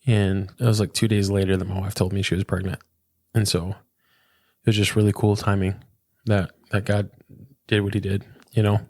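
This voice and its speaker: A man's voice: lowish voice, little pitch movement, moderate pace, a little mellow, no room sound, studio quality. A man in his thirties, a pastor, talking earnestly and reflectively in a casual interview, often saying "man" and "dude". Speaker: pastor, podcast guest.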